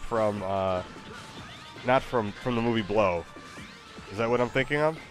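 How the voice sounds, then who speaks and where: A man's voice: fairly low pitch, a little slow, soft background music. A man chatting casually while he plays a game, hesitant and rambling. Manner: hesitant, rambling, many fillers. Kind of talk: casual chat while gaming.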